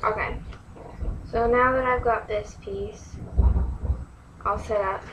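A woman giving a slow step-by-step craft tutorial, sometimes dropping to a near-whisper. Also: mid-range voice, steady tone. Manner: slow, instructive, drops to near-whisper at times. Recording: distant mic, faint room noise.

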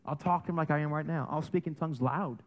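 High animated man preaching a sermon. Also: fast talker. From German and Italian heritage. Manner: animated, joking, swings between loud and soft. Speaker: pastor. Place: church sanctuary.

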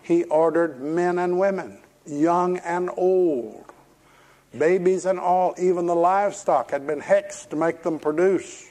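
A man's voice: sits high, normal speed, few pauses, a little mellow. A man preaching a sermon, retelling scripture in a folksy, storytelling way with emphatic warnings.

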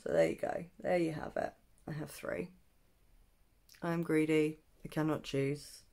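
A young woman's relaxed makeup vlog, spoken slowly in a lowish voice. She muses over each question, pausing with plenty of ums and teasing herself gently. It sounds close and casual, like she's talking to camera while working. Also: vocal fry. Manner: thinking aloud with many ums, self-teasing. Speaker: beauty vlogger. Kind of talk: chatty makeup tutorial vlog.

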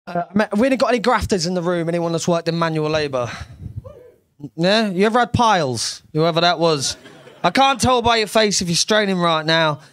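A man's voice: high-pitched, expressive, normal speed, a bit bright, dry recording. A young man doing a brash, sweary stand-up comedy set on a club stage.

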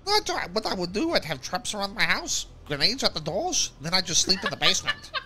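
A man's voice: high-pitched, very animated, fairly quick, bright, forceful tone, slight background noise. A young man in casual voice chat, slangy and swearing, calling everyone bro. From Australia. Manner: slangy, swears a lot, says bro constantly. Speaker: game streamer chatting out of character.

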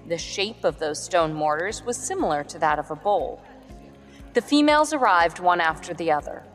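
Woman reading a story calm and steady, lowish voice, long reverb and music under it. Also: normal speed. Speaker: narrator. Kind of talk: storybook narration.

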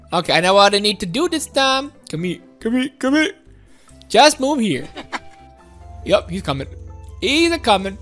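A woman giving excited, exclaiming commentary while playing a video game and talking to her viewers. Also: a little high. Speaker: gaming video host.

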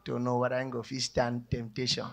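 Male Nigerian stand-up, average pitch, relaxed delivery, chuckles at his own jokes. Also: a little fast, vocal fry, heavy background noise. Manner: laid-back, laughing at his own jokes. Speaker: stand-up comedian. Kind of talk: stand-up joke telling in Pidgin.

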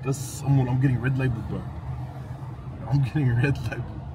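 A man's voice: medium pitch, brisk. A young man in casual chat, swearing and laughing as he tells a story, recorded on a phone outdoors. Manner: profane, laughing, animated storytelling. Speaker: vlogger. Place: outdoors near traffic. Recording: street and traffic noise.

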